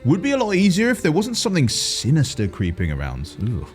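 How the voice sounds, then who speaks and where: A man's voice: a little high, huge pitch swings, brisk. A man co-hosting a gaming news show, presenting scripted game news with playful jokes and asides. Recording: faint music behind.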